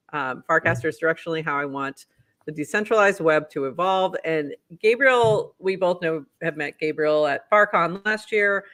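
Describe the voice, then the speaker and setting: An upbeat podcast co-host with a Boston accent, chatting and reading posts aloud in a bright, forward tone. The pitch sits mid-range, and the talk is loose and friendly, with easy laughter.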